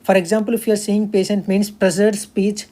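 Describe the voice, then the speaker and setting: A woman's voice: mid-range voice, little pitch movement, a little fast, warm tone. A young woman giving a recorded medical exam-prep lecture, explaining step by step with many fillers and restarts.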